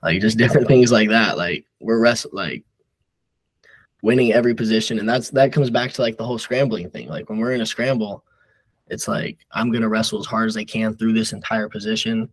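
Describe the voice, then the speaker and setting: A young man with a lowish voice talks casually as a podcast guest. He rambles through his stories, leaning on filler words and restarts. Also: steady tone, a little fast, breathy edge, rough recording. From Nebraska. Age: young adult. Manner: rambling, filler-heavy storytelling. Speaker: guest wrestler.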